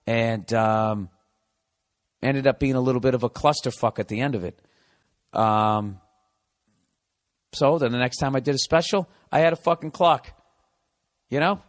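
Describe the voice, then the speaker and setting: A man's voice: mid-range voice, unhurried, long pauses. A man hosting a podcast, giving blunt advice in a casual rant full of swearing. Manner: blunt, swears constantly, riffs.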